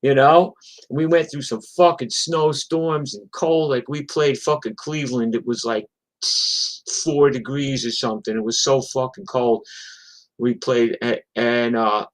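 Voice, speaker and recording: A man's voice: mid-range voice, fairly even intonation, measured pace, poor audio. A man, a touring musician, telling road stories in a casual, profane, rambling way. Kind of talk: casual storytelling on a livestream.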